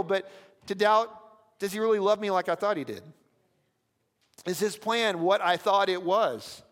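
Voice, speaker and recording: Male pastor, high voice, conversational sermon, long hall echo. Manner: storytelling, conversational with audience asides. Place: church.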